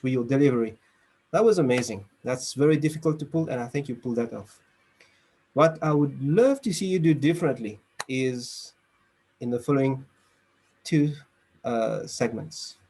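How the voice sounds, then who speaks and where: A man at home on a video call gives a club speech evaluation in an even, mid-pitched voice. He is structured and encouraging, and he leans on pauses for emphasis. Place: home room, speaking over a video call.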